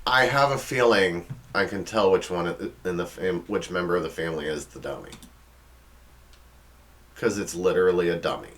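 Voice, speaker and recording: A man's voice: sits low, normal speed, a bit bright. A man hosting a comedic monologue, sarcastic and exasperated, often stumbling over his words. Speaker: comedy show host.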